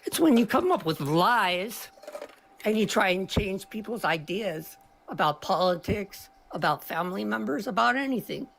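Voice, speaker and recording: Brief: adult woman caller, gravelly, losing her voice, argumentative, interrupts constantly. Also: mid-range voice, lively intonation, normal speed, fairly bright tone, slight background noise. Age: older than 30. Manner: argumentative, talks over the host. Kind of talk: heated political argument.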